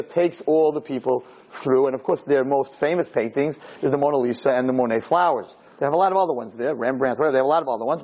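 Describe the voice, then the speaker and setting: Live lecturer, male, tells stories with animated delivery and a high voice, rising to shouts. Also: poor audio. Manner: animated storytelling that builds to shouting. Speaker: Jewish lecturer. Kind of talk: joke-filled lecture to a live audience.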